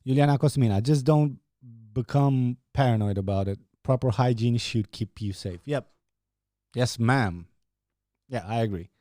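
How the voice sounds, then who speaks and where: A young man talking loosely to his viewers, swearing and laughing as he rambles from one thing to the next. His voice is warm and darkish, recorded close and dry with no room sound. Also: mid-range voice, moderate pace, no room sound. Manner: rambling, profane, laughing often. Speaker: podcast host. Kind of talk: casual chat with live viewers.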